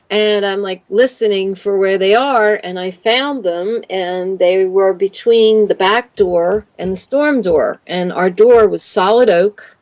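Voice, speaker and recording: A woman from Canada in her fifties, a guest in an interview, telling rambling, animated stories. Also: medium pitch, slow, dull audio. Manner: rambling, animated storytelling with laughs. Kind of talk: casual interview.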